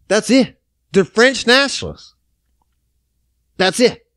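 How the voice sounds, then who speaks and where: A man's voice: a little high, big pitch swings, unhurried, long pauses, no echo, studio quality. A man, hosting a podcast, ranting about politics, sarcastic and swearing constantly. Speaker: podcast host. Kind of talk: profane political rant.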